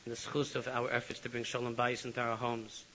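Fast, bright-voiced man preaching. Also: medium pitch. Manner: animated, swinging from loud to hushed. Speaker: religious speaker. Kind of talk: sermon with dramatic storytelling. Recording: lo-fi with faint hiss.

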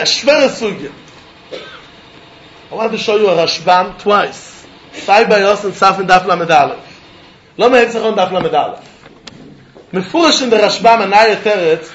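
A man's voice: high-pitched, fairly bright tone, dull audio, a little hiss or hum. A man teaching a Talmud lecture, posing rhetorical questions and chuckling as he argues. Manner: poses rhetorical questions, chuckles while arguing. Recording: roomy echo.

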